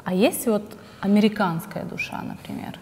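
A woman asking measured interview questions. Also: mid-range voice, a little mellow, big-room sound, slight background noise.

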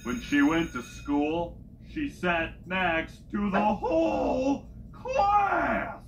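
A comedic joke teller with a punchy delivery who shouts each setup line before the punchline. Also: mid-range voice, lively intonation, very slow, a little hiss or hum.

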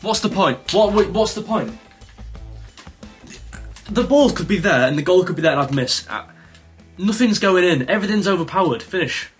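A young man commentating his own football video game, ranting with frustration and yelling when chances come. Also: sits high, normal speed, pauses often. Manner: excitable, swings between frustrated rants and yelling at shots. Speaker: gaming YouTuber. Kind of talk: live gameplay commentary. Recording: faint music behind.

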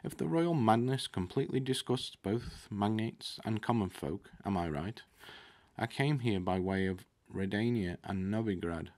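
Cool, terse hunter who says little, unhurried and clipped as a man reads him. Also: lowish voice, lively intonation, darkish tone, lightly acted. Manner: slow, deliberate, clipped. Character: calm, terse male monster hunter.

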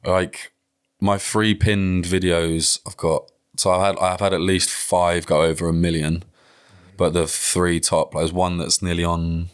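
A man's voice: low-pitched, little pitch movement, a little slow, clean tone. A man talking as a guest on a podcast, rambling casually with many fillers and frequent swearing.

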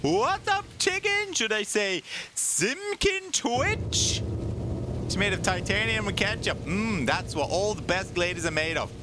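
Excitable high-voiced male streamer. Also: measured pace, noisy background. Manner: excitable, joking, sudden swoops into goofy low voices. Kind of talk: casual gameplay commentary.

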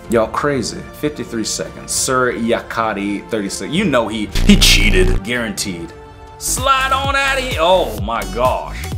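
A man in his twenties giving excitable game commentary, yelling, joking and talking to viewers. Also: medium pitch. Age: 20s. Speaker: gaming YouTuber. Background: game music.

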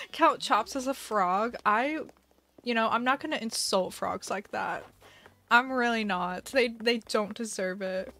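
A woman's voice: on the high side, unhurried, pushed and bright. A young woman live-streaming a video game, chatting casually with a giggly, dramatic manner and mock panic.

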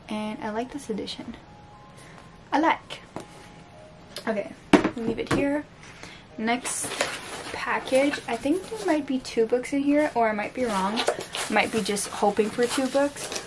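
A woman's voice: a little high, unhurried, long pauses, background noise. Chatty tired woman with a French accent. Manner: chatty, self-mocking, stumbles over words. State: sleep-deprived, tired. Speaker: book vlogger. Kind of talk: casual unboxing chat. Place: home room with books on the floor.

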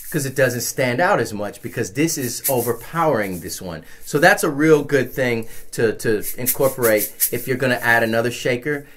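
Relaxed man explaining shaker grooves. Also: medium pitch, normal speed, few pauses. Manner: relaxed, rambling explanations with restarts. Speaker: music teacher. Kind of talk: casual instructional talk.

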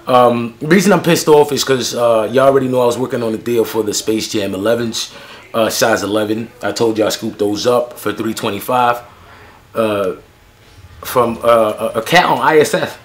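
A man's voice: medium pitch, moderate pace. A young man ranting to camera in a casual vlog, slangy and annoyed, with lots of fillers as he tells a story. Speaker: sneaker vlogger.

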